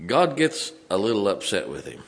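Preacher booming in a reverberant hall. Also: male voice, wildly swooping pitch, normal speed. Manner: swings from quiet, low asides to loud, emphatic exhortation. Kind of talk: sermon. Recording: long reverb of a large hall.

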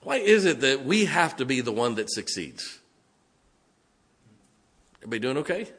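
A man's voice: mid-range voice, sing-song, normal speed, a bit bright, slightly rough. A middle-aged man preaching a sermon as pastor, folksy and joking, sometimes mocking whiny voices.

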